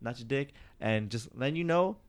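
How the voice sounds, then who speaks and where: A man with a mid-range, expressive voice co-hosts a podcast at a normal speed. Chatting casually and animatedly, he acts out different voices while telling a story.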